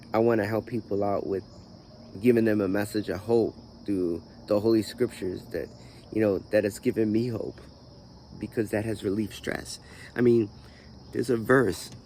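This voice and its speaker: There's a little hiss or hum behind this man's lowish, darkish voice. He runs his own channel and, sounding groggy in the morning, rambles through his life story in personal vlog talk stuffed with "you know" fillers.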